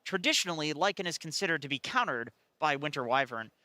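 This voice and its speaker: A man on an esports panel breaks down picks in a casual, joking way. His voice is bright and a little high. It sounds dry and close. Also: animated, fast talker, no room sound. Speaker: esports analyst. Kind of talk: panel analysis.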